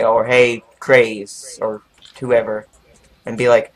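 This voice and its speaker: A young man chatting excitedly while playing a game with a friend, often laughing and getting loud. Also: mid-range voice, slow. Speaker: gamer. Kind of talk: casual gaming chat.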